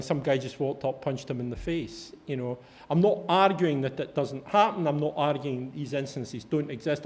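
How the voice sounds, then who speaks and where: High-voiced Scottish man telling stories. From Fife, Scotland. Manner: chatty, anecdotal, swears casually. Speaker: conference speaker. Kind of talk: humorous storytelling talk.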